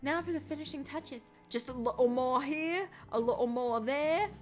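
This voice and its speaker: A woman's voice: high voice, normal speed, faint music behind, natural voice. A woman voicing a cheerful young woman who loves baking, in a put-on British accent. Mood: absorbed.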